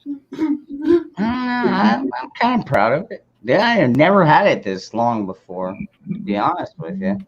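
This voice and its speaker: A man's voice: high-pitched, very animated, unhurried, slightly rough, muffled recording. A man hosting a casual livestream chat, laid-back and profane, laughing often while he works on a craft project. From United States. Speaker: host.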